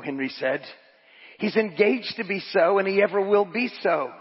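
In a church, a pastor preaches a sermon, reading scripture and quotations aloud, repeating phrases for emphasis, and asking the congregation to repeat lines back. His husky voice sits high and moves at a moderate pace. The recording is muffled, with a long reverb tail.

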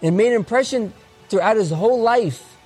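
A man's voice: sits high, normal speed, a little mellow, slightly rough, soft background music. A man earnestly retelling a religious story with emphatic storytelling.

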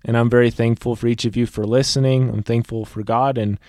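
A man's voice: medium pitch, level tone, fairly quick, darkish tone, no room sound, studio quality. A young man hosting a personal faith podcast, speaking earnestly and reading a rhymed poem aloud. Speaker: podcast host.

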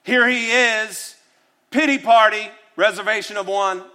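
A man preaching a sermon, acting out prayers and Bible scenes in an animated way. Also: sits high, a little slow. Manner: animated, dramatizes prayers with rising voice. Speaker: pastor.

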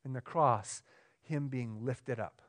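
A pastor preaching a sermon, swinging between emphatic, raised lines and quiet, low ones, often checking in with the congregation. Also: male voice, slow pace. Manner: asks the room questions, conversational.

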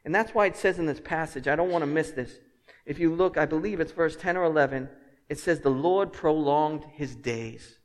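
A man preaching to his congregation in a church hall with a long, ringing reverb. His voice sits a little high, and he moves from quiet, earnest stretches to loud, driving emphasis with a light, joking touch. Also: quick pace. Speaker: pastor. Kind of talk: sermon. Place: church sanctuary.

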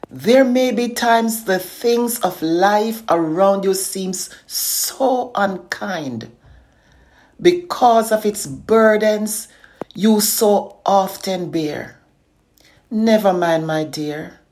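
A middle-aged woman slowly reciting a devotional poem, earnest and consoling. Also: mid-range voice, a little mellow. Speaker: poet and inspirational speaker.

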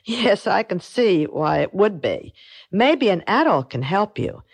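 Older woman reading aloud slowly. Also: medium pitch, big pitch swings, creaky. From United States. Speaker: storybook reader. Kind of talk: reading a children's book aloud.

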